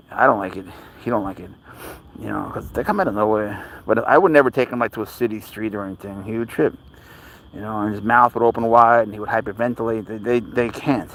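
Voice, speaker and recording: A man's voice: fairly low pitch, fairly bright tone, rough recording. A man hosting a casual live stream with his pet cat, reading viewers' comments and chatting in a rambling, easygoing way, sometimes slipping into baby talk.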